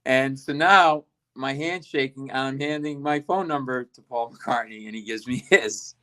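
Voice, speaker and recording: A man's voice: mid-range voice, moderate pace, pushed and bright. A middle-aged male comedian, a guest, telling a self-deprecating story with lots of energy and acting out the dialogue. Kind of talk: comic storytelling.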